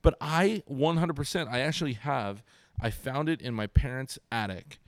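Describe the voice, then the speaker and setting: Animated storytelling man, dry sound. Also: mid-range voice, normal speed, no room sound. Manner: animated storyteller, acts out voices of his kids. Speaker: podcast co-host. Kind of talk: casual sports podcast chat.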